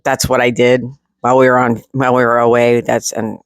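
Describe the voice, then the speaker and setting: A man's voice: mid-range voice, monotone, fairly quick, clean tone, no echo. A man talking at home in a rambling, casual video diary, full of fillers and restarts, with the odd swear word. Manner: candid, with occasional swearing. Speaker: vlogger.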